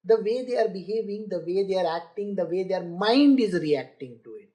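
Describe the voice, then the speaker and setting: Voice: medium pitch, expressive, normal speed, warm tone. A spiritual teacher giving a scripture lecture, asking listeners rhetorical questions and mocking boastful people by quoting them.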